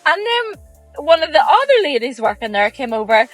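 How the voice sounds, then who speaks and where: A woman's voice: high voice, very animated, moderate pace, no echo, soft background music, low-quality recording. Gushing woman vlogging from a car. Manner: gushing, laughs often. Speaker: travel vlogger. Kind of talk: casual chat to camera. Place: inside a car.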